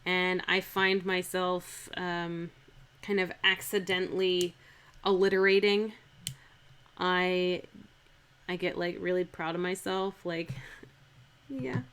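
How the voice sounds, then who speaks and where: Woman streaming, talking slow and easy about verse meter, keeps repeating lines out loud to hear the beat. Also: lowish voice, steady tone, clear, resonant tone. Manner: chatty, self-correcting, repeats lines aloud to test stress. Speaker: streamer analyzing a Shakespeare speech. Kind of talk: thinking aloud while scanning verse. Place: home streaming setup.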